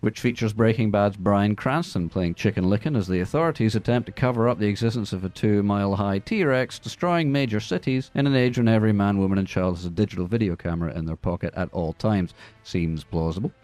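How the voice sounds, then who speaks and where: A man hosting a radio movie show, reading the news with sarcastic, deadpan jokes. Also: fairly low pitch, brisk, few pauses, dry recording. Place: radio studio.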